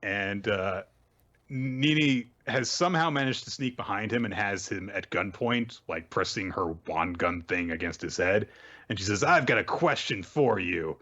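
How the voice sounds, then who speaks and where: A man's voice: lowish voice, fairly bright tone, muffled recording. A man hosting a casual podcast, loosely retelling a manga chapter with many fillers. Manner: loose retelling with many fillers, puts on quick voices for characters. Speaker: podcast host. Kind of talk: casual chat recapping manga.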